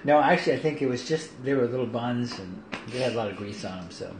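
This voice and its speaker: A man's voice: medium pitch, fast talker. Chatty man livestreaming from an echoey kitchen. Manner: chatty, lively, laughs often. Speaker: home baker livestreaming. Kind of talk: casual livestream chat. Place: home kitchen. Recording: echoey room, faint hiss.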